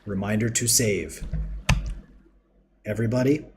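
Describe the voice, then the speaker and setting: A man with a very deep voice hosts a live game stream, rambling cheerfully and thanking his chat as he works. Keyboard typing and mouse clicks clatter clearly behind him. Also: a little slow, background noise. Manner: chatty, rambling, reads chat aloud and thanks viewers. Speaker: livestream host. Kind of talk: casual live game-building commentary.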